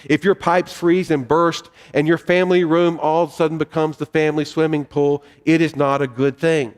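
A male pastor preaching a sermon with measured pauses and repetition in a church sanctuary. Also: fairly high pitch, level tone. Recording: long reverb of a hall.

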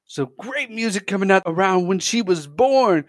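A man's voice: fairly high pitch, measured pace, no room sound. Upbeat man hosting a dry podcast. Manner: chatty and enthusiastic, with frequent restarts. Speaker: podcast host. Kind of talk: casual podcast monologue.

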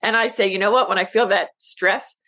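A middle-aged woman, a business coach, telling her story as a podcast guest, emotional and animated, acting out quoted lines. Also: medium pitch, a little fast. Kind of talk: casual interview chat.

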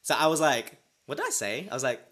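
A young man tells a personal story at an ordinary middle pitch, circling back and restarting as he goes. He is hosting a casual podcast chat. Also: wildly swooping pitch, fast, a bit bright, slight background noise. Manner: rambling storytelling with many restarts. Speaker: podcast host.

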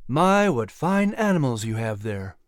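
A narrator playing a genial colonial courier in a storybook, slow and sly, with a gentlemanly lilt. His voice moves lively from phrase to phrase. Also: medium pitch, no room sound, studio quality. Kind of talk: audiobook character voice.

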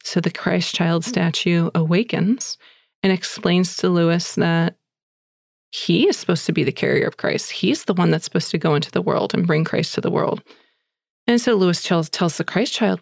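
A woman with a low, gravelly voice recounts a tale in a casual, chatty flow, full of little fillers. The sound is close and dry, with no room around it. She comes across as an eager podcast host telling a story to her listeners. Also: moderate pace, darkish tone, dry recording. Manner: chatty, breathless, with fillers like "like" and "you know".

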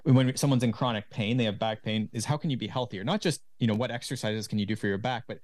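A man's voice: medium pitch, fast, darkish tone, dry recording. A man speaking as a podcast guest over a video call, explaining health habits in a casual, coaching way. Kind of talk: casual interview chat.

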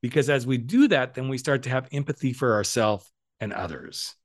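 A man's voice: medium pitch, normal speed. A middle-aged man hosting a podcast, giving a casual motivational monologue with playful, cheeky asides. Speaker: podcast host and coach.

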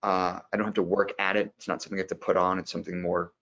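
A man with a very deep, low-pitched voice speaks as an interview guest. He is an actor who reflects on his craft in a thoughtful, unhurried way and explains his ideas at length. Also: flat delivery, a bit bright. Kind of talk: conversational interview answer.

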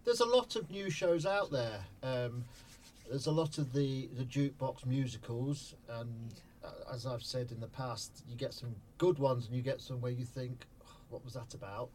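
A man's voice: mid-range voice, moderate pace, a little mellow, slight background noise. A man from southern England who directs theatre, talking earnestly on a radio show, often restarting his sentences. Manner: earnest, repeats himself, many restarts. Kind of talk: casual radio interview. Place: radio studio.

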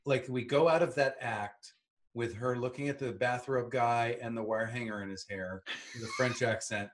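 A middle-aged man with a mid-range voice speaks at a moderate pace over slight background noise. He co-hosts a casual rewatch podcast and, as a former actor on the series, recalls working on the show in a wry, teasing way, slipping into playful mock voices.

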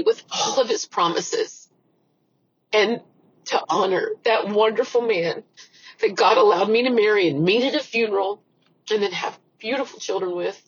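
A middle-aged woman hosting a personal faith podcast speaks in a mid-range, breathy voice at a moderate pace, with the highs cut off. Tearful and crying, she talks earnestly and emotionally, repeating phrases, and prays aloud.

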